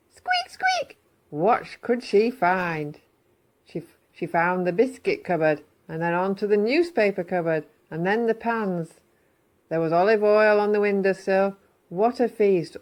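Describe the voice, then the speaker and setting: Woman, storyteller, children's read-aloud, slightly low voice, expressive, slows for emphasis.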